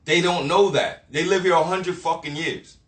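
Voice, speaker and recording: A man's voice: on the high side, fairly even intonation, normal speed. A man delivering a blunt motivational rant full of swearing and street slang, lecturing the listener directly. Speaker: motivational vlogger. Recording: echoey room.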